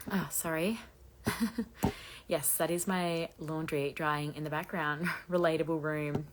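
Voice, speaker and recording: Woman, croaky low voice, fast chatty gossip livestream host. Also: fairly even intonation, background noise. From Australia. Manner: fast-talking, chatty, laughs often. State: hoarse, losing her voice. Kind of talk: casual livestream chat reading comments. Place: bedroom at home with laundry drying.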